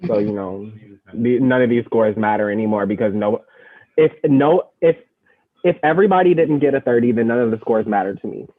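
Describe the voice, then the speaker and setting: A man's voice: mid-range voice, fairly quick, no echo. A man hosting a poetry slam over a video call, with slangy, profane, laughing banter. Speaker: slam host. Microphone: remote video call. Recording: tinny, dry phone-like audio.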